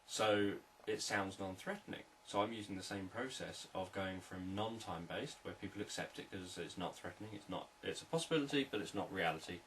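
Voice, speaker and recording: A man, a hypnotherapist, explaining sales techniques in a calm, repetitive, unscripted teaching talk. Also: low-pitched, brisk, hardly any pauses, far from the mic, a little hiss or hum, poor audio.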